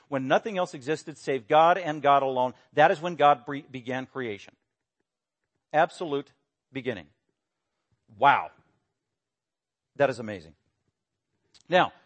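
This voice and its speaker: A man preaching a sermon, emphatic, swinging between loud exclamations and quiet explanation. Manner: emphatic, rising to loud exclamations then dropping low. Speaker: pastor.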